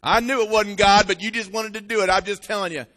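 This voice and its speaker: A man's voice: high voice, steady tone, quick pace, bright, forceful tone, long reverb tail, pitched above the performer's own voice. A man voicing a grumbling mother who scolds her grown daughter in a told-you-so way. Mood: scolding.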